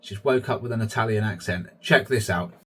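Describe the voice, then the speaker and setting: A man's voice: lowish voice, brisk, a bit bright, slightly rough. A man hosting his own vlog, chatty commentary that keeps addressing viewers as guys. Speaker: channel host.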